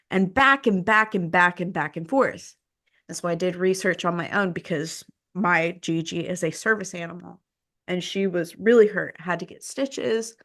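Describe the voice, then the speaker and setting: A woman podcast host, telling a story in casual conversation and acting out the quoted exchanges. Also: a little fast. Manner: animated, acts out quoted exchanges with rising pitch.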